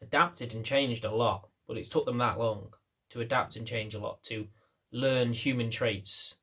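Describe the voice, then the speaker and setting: A dog trainer sits indoors and speaks casually to the camera in a mid-range, husky voice that sounds pushed and bright, his tone steady and pace measured. The talk is unedited, with lots of fillers and false starts.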